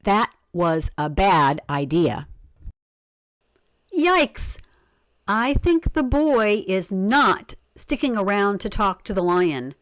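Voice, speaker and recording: Woman reading a story aloud, slow and lively. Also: medium pitch, dry recording. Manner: expressive, asks the listener questions. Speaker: story reader. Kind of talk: children's storybook read-aloud.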